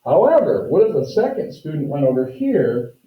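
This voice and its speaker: A man's voice: fairly high pitch, very animated, normal speed. A male math teacher giving a classroom lecture, explaining step by step and talking directly to his students. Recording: roomy, distant, dull classroom audio.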